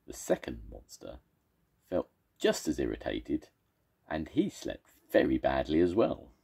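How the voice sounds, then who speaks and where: Deep slow grandfather reading a bedtime story. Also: vocal fry, husky. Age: older. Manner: gentle, expressive storytelling. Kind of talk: children's story read aloud.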